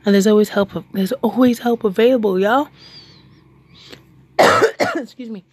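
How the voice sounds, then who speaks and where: A woman preaching a devotional message, animated and emphatic, laughing and telling stories. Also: a little high, measured pace, slightly rough.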